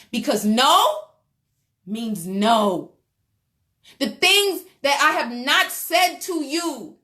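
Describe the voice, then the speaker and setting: A woman's voice: high-pitched, pushed and bright. A woman giving a motivational relationship talk, emphatic and preacherly, speaking straight to her listeners.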